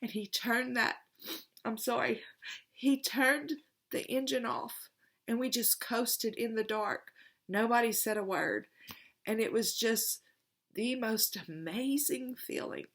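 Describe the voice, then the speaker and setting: A woman's voice: on the high side, slow pace, a bit bright. Middle-aged woman, tarot reader, casual spiritual vlog, rambling, heartfelt, emotional.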